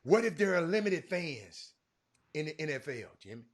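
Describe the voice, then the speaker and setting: A man hosting a casual sports talk show, animated and calling his listeners y'all. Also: a little high, normal speed.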